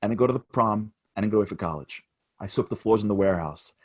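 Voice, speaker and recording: A man giving a motivational keynote, telling a dramatic story that swings from hushed to loud. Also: fairly low pitch, fast talker. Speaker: motivational speaker.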